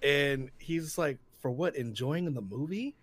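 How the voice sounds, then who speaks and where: A man co-hosting a casual podcast chat, telling stories and acting out quotes in loud put-on voices. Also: on the high side, measured pace. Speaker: podcast co-host.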